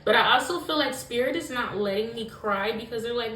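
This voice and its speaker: A woman's voice: fairly high pitch, a little fast, few pauses, bright, forceful tone. A woman giving a pick-a-pile tarot reading to her viewers, emotional and emphatic, swearing often and filling her talk with "like". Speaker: tarot reader. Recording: echoey room with faint noise.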